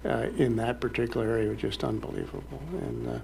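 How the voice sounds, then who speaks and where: A man's voice: medium pitch, big pitch swings, quick pace, vocal fry, a little mellow, a little hiss or hum. A man speaking at a city council meeting in a folksy, rambling way, full of fillers and restarts.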